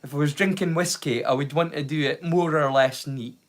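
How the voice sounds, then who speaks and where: A man's voice: fairly high pitch, brisk. A Scottish man chatting casually with live viewers, teasing and swearing freely. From Scotland. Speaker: live streamer.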